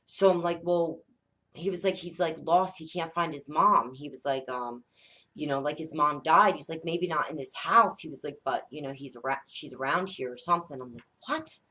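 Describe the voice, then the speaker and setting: A woman in her thirties, a mother telling a spooky family story in a casual, animated way, swearing often and acting out the dialogue. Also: low-pitched, normal speed. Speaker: psychic vlogger, mother.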